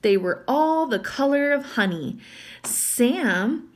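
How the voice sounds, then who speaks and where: Animated woman reading a picture book. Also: sits high, slow pace. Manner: adds chatty asides to the listener. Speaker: storyteller.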